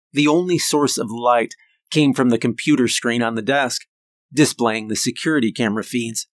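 A man narrating a scripted horror story in the first person, with measured, suspenseful delivery and dramatic pauses. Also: medium pitch, no echo.

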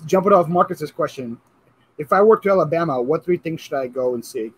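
A man's voice: fairly high pitch, animated, a little fast, slightly rough, poor audio. A man hosting a casual live stream, reading out viewer questions and laughing often. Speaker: host.

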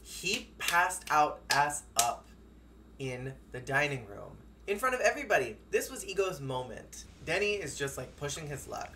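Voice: medium pitch, very animated, moderate pace, noisy background. A game streamer giving joking let's-play commentary, with sudden squeals and bursts of laughter. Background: faint game music.

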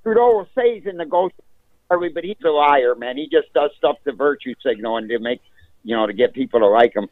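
A man's voice: mid-range voice, expressive, a little fast, no echo. A man from Canada calling in to a talk show, blunt and conspiratorial, calling the host buddy. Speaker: caller. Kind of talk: phone-in call. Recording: tinny dry phone line.

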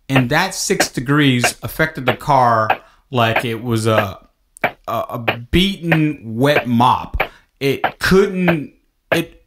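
A man hosting a casual sports podcast whose pitch swings widely as he talks. He builds from easy chat into loud, exclaiming rants. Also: very noisy. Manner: animated, rising to exclaiming rants. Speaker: podcast host.

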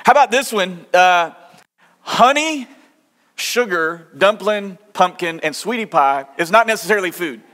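A man's voice: high voice, animated, measured pace, fairly bright tone. Southern man, pastor, jokey sermon opening, long church reverb. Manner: folksy, jokey, asks the congregation questions. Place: church sanctuary. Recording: echoey church hall.

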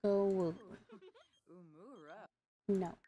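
This woman's gameplay commentary is casual yet exasperated, and she keeps addressing the game's characters directly. A gaming YouTuber, she talks very slowly with a flat delivery, in a mellow, medium-pitched voice.

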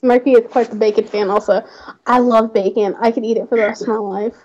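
Bubbly and giggly, this young game streamer chats casually and talks fast in a level tone. Her voice is on the high side and a little mellow, heard through slightly muffled stream audio.

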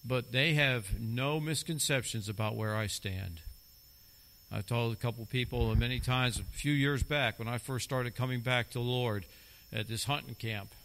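A man's voice: medium pitch, moderate pace, a bit bright, slight background noise. A middle-aged man preaching a sermon as a lay preacher, talking emphatically and repeating key phrases for stress.

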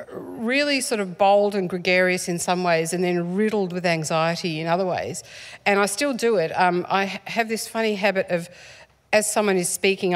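A woman, an author guest, talking in a live stage interview, chatty and self-deprecating with frequent laughs and ums. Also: on the low side. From Australia, born in England.

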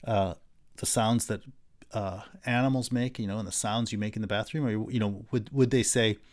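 Lecturing on philosophy in a recorded university class, a man speaks at a moderate pace with a low, darkish voice and fairly even intonation. He's conversational, restarts sentences often, leans on fillers, and voices his examples animatedly.

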